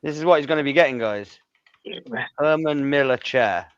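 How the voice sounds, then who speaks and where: A man's voice: a little high, normal speed, clean tone, no room sound, lo-fi sound. A man hosting a casual livestream chat, trading crude banter with plenty of swearing.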